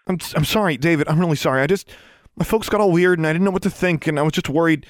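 A man's voice: on the high side, very fast, no room sound, clean studio sound, voice pushed up, lightly acted. A man voicing an earnest, anxious young schoolgirl in a raised, apologetic voice.

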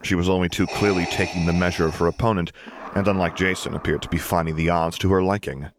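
A man reading a story aloud in measured, dry narration. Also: deep voice, steady tone, background noise. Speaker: audiobook reader. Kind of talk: scripted narration of fan fiction.

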